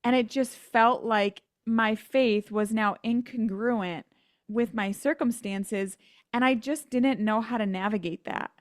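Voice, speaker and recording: A woman's voice: on the high side, a little slow, no echo, clean studio sound. An American woman telling her faith story as a podcast guest, earnest and sometimes emotional, acting out the people she quotes. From United States. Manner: earnest storytelling, acts out quoted voices, laughs at herself. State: emotional at times. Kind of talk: faith testimony in an interview.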